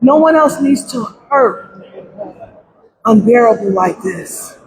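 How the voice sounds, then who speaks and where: A middle-aged woman giving emotional public testimony at a press conference about her grief, pleading through tears and at times breaking into shouts. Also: a little high, lively intonation, slow pace, low-quality recording. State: grief-stricken, close to crying. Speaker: grieving mother giving testimony. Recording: crowd noise at a press event.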